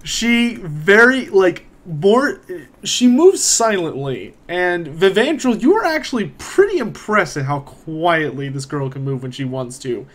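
A man's voice: sits high, sing-song, a little slow, few pauses, fairly bright tone. A man narrating as game master of a tabletop role-playing game, hesitant with frequent ums. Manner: hesitant, with many ums and laughs.

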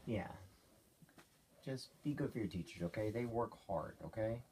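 A man talking to his young daughter at home at bedtime, loud and teasing, ending lines with "okay?". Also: on the low side, animated, normal speed, crowd noise. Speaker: father.

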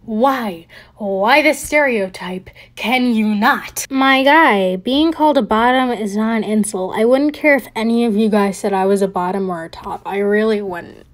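A woman's voice: medium pitch, normal speed, few pauses. A young woman at home hosting a reaction commentary video. She rants in exasperation and laughs often. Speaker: commentary channel host. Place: at home with family over.

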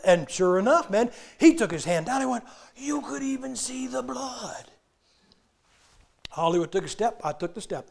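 High-voiced folksy older man preaching. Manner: folksy, joking, acts out movie scenes. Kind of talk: humorous sermon storytelling. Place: church.

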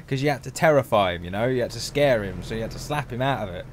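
A man's voice: mid-range voice, expressive, brisk, slight background noise. Chatty man playing a game. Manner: chatty, rambling and jokey, laughs often. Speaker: gaming channel host. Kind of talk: let's play commentary.

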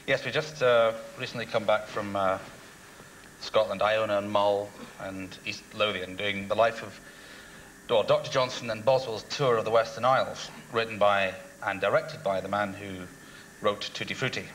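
Hell klingender Mann, schneller Plauderton. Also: male voice, on the low side, a little hiss or hum, low-quality recording. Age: 30s. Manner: quick, jabbering, animated. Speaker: actor and comedian guest. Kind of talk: talk-show chat.

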